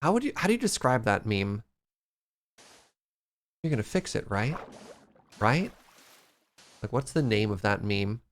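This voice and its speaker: A man's voice: on the low side, sing-song, a little slow, long pauses. A man streaming a game live, chatting casually and playfully, reading out and thanking his viewers.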